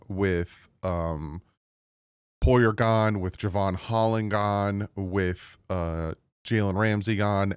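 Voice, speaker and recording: A man's voice: sits low, smooth, no echo. A man with a New Jersey accent hosting his own sports channel, giving casual, rambling commentary to viewers with frequent restarts. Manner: rambling, restarts, mild frustration.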